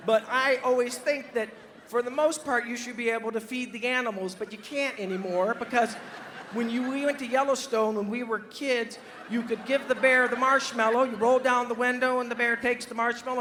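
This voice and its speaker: A man's voice: very high-pitched, fairly even intonation, brisk, pushed and bright, slight background noise. A comedian doing a middle-aged mother who tells a joke, scatterbrained and digressive, constantly losing the thread and wandering off topic. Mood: indignant.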